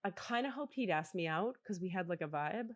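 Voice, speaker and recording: A middle-aged woman hosting a podcast, telling a story in a casual, animated and self-mocking way. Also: fairly low pitch, a little fast. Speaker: podcast host.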